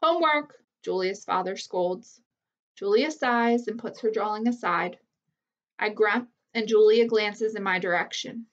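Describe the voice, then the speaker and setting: A woman reading a children's novel aloud as a teacher, with steady, clear storytelling. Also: medium pitch, measured pace, recorded from a distance. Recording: slightly muffled lo-fi recording.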